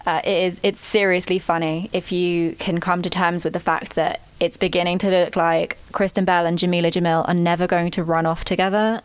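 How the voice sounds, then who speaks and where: A woman's voice: fairly low pitch, flat delivery, fairly quick, hardly any pauses, clean tone, dry recording. Young British woman, podcast co-host, dry teasing humor, close dry sound. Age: young adult. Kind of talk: casual chat.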